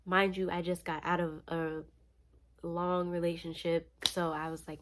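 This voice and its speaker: A young woman from Florida with a fairly low voice tells a personal story in casual storytime style. She talks animated and slangy, a little tired. Her delivery is chatty and conversational. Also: normal speed, a little hiss or hum. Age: young adult. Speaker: vlogger.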